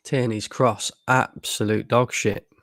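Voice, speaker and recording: Tired, frustrated football fan. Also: male voice, mid-range voice, little pitch movement, slow, fairly bright tone, no echo, clean studio sound. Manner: frustrated, blunt, swears freely. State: tired after a long work shift. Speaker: fan channel streamer. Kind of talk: live match watchalong commentary.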